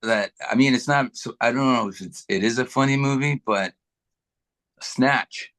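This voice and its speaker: A middle-aged man from Canada, a guitarist being interviewed, chatting in a relaxed, rambling way with many restarts. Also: mid-range voice, normal speed. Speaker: guitarist guest. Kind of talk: casual interview chat.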